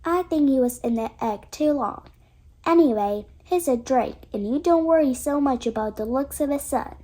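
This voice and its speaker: Woman reading a high-voiced fussy mama duck, brisk and scolding. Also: lively intonation, mellow. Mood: urging. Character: fussy, protective mother duck.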